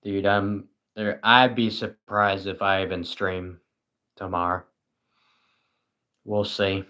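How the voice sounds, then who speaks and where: A man's voice: low-pitched, flat delivery, slow, pushed and bright. A tired British man hosting a livestream, chatting casually and reading viewers' comments with dry, self-mocking sarcasm. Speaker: livestream host.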